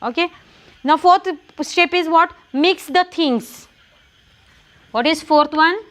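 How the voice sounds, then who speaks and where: High-voiced Marathi-accented woman teaching a class. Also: slow pace, a bit bright. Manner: repetitive questioning, spells words aloud. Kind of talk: classroom lesson.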